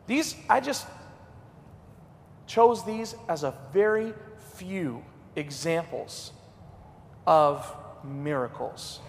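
A middle-aged man preaching a revival sermon in a church, swinging between loud and hushed. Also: fairly high pitch, very slow, creaky, pauses often, slight background noise. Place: church sanctuary. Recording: long hall reverb.

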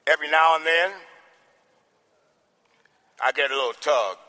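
A man preaching a sermon as pastor, swinging from soft talk to shouting. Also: a little high, unhurried. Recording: long hall reverb.

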